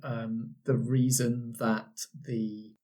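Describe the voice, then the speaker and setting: A man's voice: mid-range voice, level tone, drawn-out words, dark tone. A man who runs the game, chatting casually about voicing his characters, with frequent ums and restarts. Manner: hesitant, many restarts and ums, laughs easily. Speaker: game master of the show.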